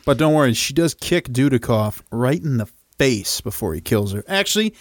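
A man co-hosting a podcast who talks through a film in casual chat, amused and animated. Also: medium pitch, normal speed, dry recording, studio quality. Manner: amused, animated, laughs through his lines. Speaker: podcast co-host.

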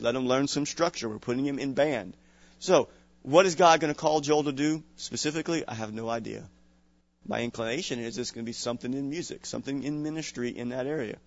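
Conversational pastor from Louisiana, lo-fi. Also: male voice, medium pitch, no echo. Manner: conversational preaching with chuckles and restarts. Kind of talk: sermon. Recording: dull lo-fi sound.

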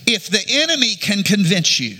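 A middle-aged man delivers a sermon in a bright, forceful voice that sits a little high for a man. He preaches earnestly and often circles back to restart his phrases. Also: sing-song, normal speed. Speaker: pastor.

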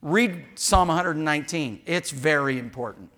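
A man's voice: on the high side, normal speed, sharp tone. A man preaching a sermon in church as pastor, candid and frank, with joking asides and quoted dialogue.

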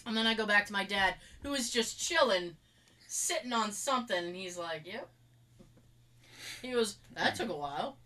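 A woman from Massachusetts with a Massachusetts accent, telling a story in casual chat with lively sound effects. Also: medium pitch, normal speed.

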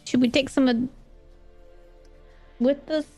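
A woman's voice: sits high, steady tone, slow, darkish tone, soft background music. A woman playing a tabletop game, talking in a chatty, rambling way. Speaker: player. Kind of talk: tabletop role-play chat.

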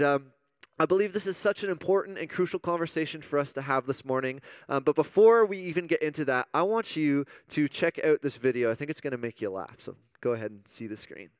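A man preaches in a loose, chatty way, full of asides and little jokes. His voice sits a bit high and sounds smooth and close, with a dry, deadened sound. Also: fairly bright tone, dry recording. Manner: chatty, informal, jokey, many fillers. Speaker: assistant pastor. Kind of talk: casual sermon.

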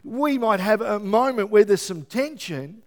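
A man preaching a sermon as pastor, lively and often checking in with his listeners. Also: high-pitched, unhurried. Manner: lively, keeps checking in with the congregation.

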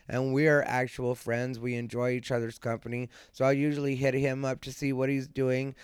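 A man hosting a solo podcast at night, rambling in a laid-back way, sleepy and yawning, with a slight lisp, talking from a dark room at home. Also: mid-range voice, smooth, no echo, clean studio sound. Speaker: podcast host and comedian. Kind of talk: casual solo podcast monologue. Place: dark room at home, lying beside his dog.

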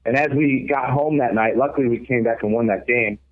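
A man in his twenties, a former college pitcher, telling his story earnestly and reflectively in an interview. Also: a little fast. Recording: tinny phone-like line.

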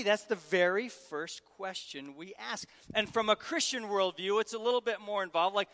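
Speaking at normal speed with hardly any pauses, a middle-aged guest preacher from Syracuse, New York, humorously teases and questions his audience. A long large-hall reverb follows every phrase of his bright, forceful, a-little-high voice.

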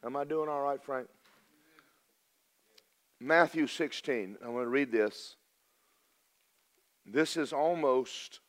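Folksy older preacher. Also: male voice, medium pitch, expressive, normal speed, long pauses. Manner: folksy and storytelling, swinging from loud to hushed. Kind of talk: sermon.

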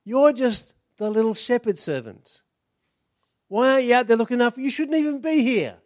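Dismissive older brothers scolding their little brother, put on by a preacher. The voice is high for a man and snaps with contempt. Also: animated, normal speed, darkish tone. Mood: scornful. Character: scornful older brothers mocking a young shepherd.

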